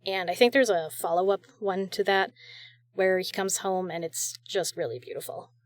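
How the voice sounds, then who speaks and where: A woman's voice: mid-range voice, fairly even intonation, moderate pace, dry recording. A woman hosting a casual chat show, gushing and chatty about audio creators she loves. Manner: gushing, chatty, with small restarts. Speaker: podcast host reviewing audio creators.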